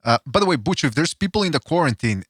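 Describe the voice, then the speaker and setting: A man hosting a casual boxing podcast, loud and profane, laughing often as he talks to callers. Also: on the high side, sing-song, racing, husky, no room sound, clean studio sound. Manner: loud, swearing, laughs a lot. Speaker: podcast host.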